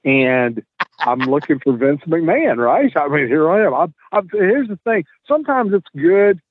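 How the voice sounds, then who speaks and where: A man, a guest telling an animated story and acting out the dialogue. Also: a little high, moderate pace, husky, dry recording. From Tennessee, US. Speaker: guest, wrestler. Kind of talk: casual storytelling. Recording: tinny phone-like line.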